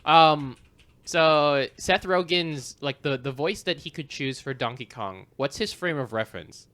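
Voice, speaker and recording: A man co-hosting a casual movie podcast, talking loosely, swearing now and then, and slipping into quick character impressions. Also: on the high side, expressive, fairly bright tone, no room sound. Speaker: podcast co-host. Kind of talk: casual film review chat.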